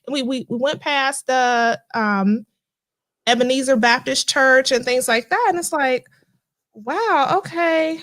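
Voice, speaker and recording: Chatty Midwestern woman with a high voice. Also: unhurried. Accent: Midwestern American. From Midwest US (Cincinnati). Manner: chatty, storytelling, animated asides. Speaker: livestream host. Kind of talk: casual livestream chat.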